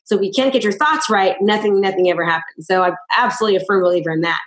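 A woman's voice: medium pitch, rapid-fire, reverberant. A woman hosting a casual interview, upbeat and encouraging with her guest. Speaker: interview host.

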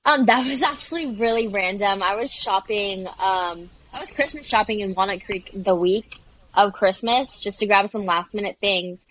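A woman's voice: medium pitch, normal speed, dry recording. A young woman, a social media creator and interview guest, chatting animatedly and full of "like"s. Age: young adult. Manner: chatty and animated, many "like"s, quoting people. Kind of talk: casual storytelling in an interview.

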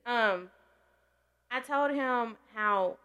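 A woman's voice: fairly high pitch, extremely slow, a bit bright, dull audio. A woman candidly telling a personal story in casual chat, emotional and laughing through tears. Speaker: podcast guest sharing survival story.

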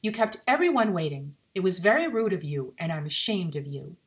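A woman's voice: fairly low pitch, big pitch swings, a little fast. A woman voicing a stern, reproachful middle-aged man who owns the house, in a spoken ghost story. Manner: reproachful, firm.

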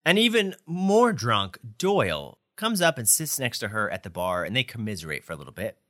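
A man's voice: mid-range voice, brisk. A man co-hosting a podcast, chatting casually as he recaps a TV episode and laughs along. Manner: animated storyteller who laughs often. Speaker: podcast co-host.

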